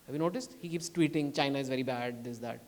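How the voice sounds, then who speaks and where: Indian guy giving a fired-up speech at a book launch, pleading then shouting his points, big echoey hall. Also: mid-range voice, quick pace. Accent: Indian English. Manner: impassioned, pleading, rising to emphatic outbursts. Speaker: author speaking at a book launch. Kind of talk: public speech. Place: event hall.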